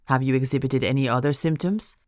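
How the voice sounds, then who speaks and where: A woman voicing a cold, predatory male vampire count who speaks softly and menacingly. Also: extremely low pitch, no room sound, clean studio sound, pitched below the performer's own voice. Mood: probing. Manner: soft, dangerous, slow voice.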